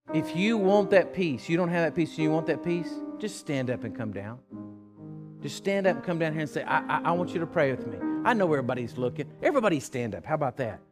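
A man preaching a sermon in a church, swinging from loud urgent calls to hushed pleading. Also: fairly high pitch, lively intonation, a little fast, over music. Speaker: pastor. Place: church sanctuary with live congregation.

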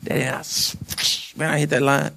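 A man's voice: fairly high pitch, flat delivery, brisk, creaky, a bit bright. A man preaching a sermon in a folksy way, with asides to the congregation. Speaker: pastor.

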